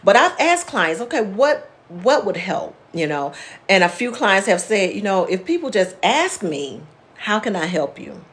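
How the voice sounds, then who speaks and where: A woman's voice: mid-range voice, very animated, measured pace, fairly bright tone. A woman therapist hosting a live wellness class, explaining in a plainspoken, conversational way and answering viewers' comments by name. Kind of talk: casual live-stream teaching.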